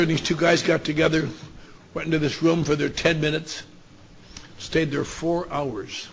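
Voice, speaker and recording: A man with a somewhat high, gravelly voice tells a story to a meeting. He is blunt and wry, and he swears without fuss. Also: flat delivery, normal speed, a bit bright, slight background noise. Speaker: speaker at a recovery meeting. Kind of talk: storytelling talk.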